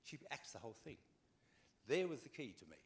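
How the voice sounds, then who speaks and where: A man's voice: mid-range voice, fast talker. An older man with an Australian accent, an actor telling wry stories as a guest on a convention panel. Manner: animated, wry, acts out anecdotes. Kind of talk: relaxed anecdotal storytelling.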